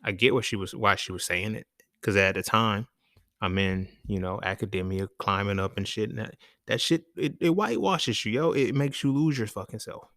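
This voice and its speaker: Blunt, low-voiced man in casual monologue. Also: normal speed, fairly bright tone, no room sound, clean studio sound. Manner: blunt, profane, repeats "you feel me". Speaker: podcast host.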